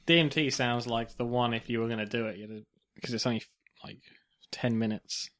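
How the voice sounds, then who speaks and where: A man chats on a podcast in a relaxed, easygoing way. His voice has a plain middle pitch. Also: normal speed. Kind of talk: casual podcast chat.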